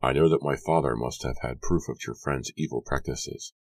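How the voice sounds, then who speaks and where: A man with a very deep voice voicing a serious young man from a puritan village, speaking low, steady and grave. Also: moderate pace, no echo. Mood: solemn.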